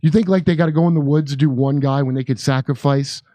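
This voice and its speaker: A man riffs loosely and sarcastically, swearing as he goes. His voice sits a little high, and the recording is dry with almost no room sound. He talks in a casual, rambling way. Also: fairly even intonation, fast, mellow, dry recording. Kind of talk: casual political chat.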